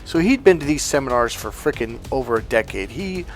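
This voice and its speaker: A man's voice: medium pitch, lively intonation, brisk, soft background music. A man working as a dating coach, talking through ideas and a client story in an emphatic, swearing manner.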